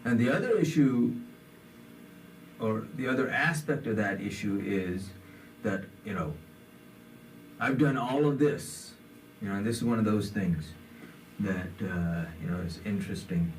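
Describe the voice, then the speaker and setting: A man's voice: fairly low pitch, unhurried, long pauses, distant mic, a little hiss or hum. A man giving a conversational sermon, with many fillers, in a community center hall. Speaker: imam.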